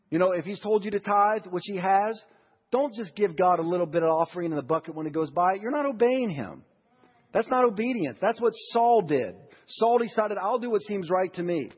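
Pastor guy preaching, husky high voice, long church echo, kinda dull audio. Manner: preaching with rhetorical questions, rising emphasis. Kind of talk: sermon. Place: church sanctuary.

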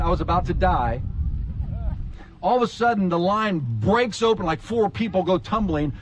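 A male pastor preaching in a fairly high voice, telling stories with lively acted-out moments. A faint hum of ambient noise sits under his voice. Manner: animated storyteller, acts out scenes with big pitch jumps. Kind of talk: sermon with personal storytelling.

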